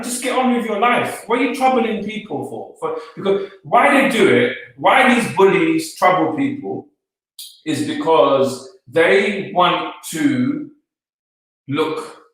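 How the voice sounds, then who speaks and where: A man telling an animated story as an interview guest, acting out the other people's lines in quotes. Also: a little high, recorded from a distance. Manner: retells the scene, voicing each person in quoted lines. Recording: echoey room, speaker off-mic.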